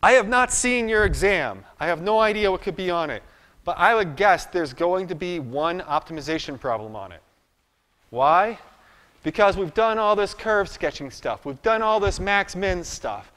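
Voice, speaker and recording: A man lectures on math in a casual, self-deprecating way, talking through each step aloud. His voice sits a little high. The sound carries the long reverb of a lecture hall. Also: expressive, moderate pace, fairly bright tone. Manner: chatty, self-deprecating, thinks aloud at the board. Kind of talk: live classroom lecture.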